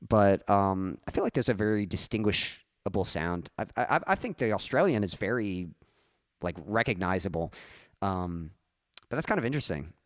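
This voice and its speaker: Low-voiced young man chatting on stream. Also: lively intonation, normal speed, no room sound, studio quality. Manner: rambling, self-correcting, chuckling. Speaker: musician streamer. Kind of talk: casual live-stream chat.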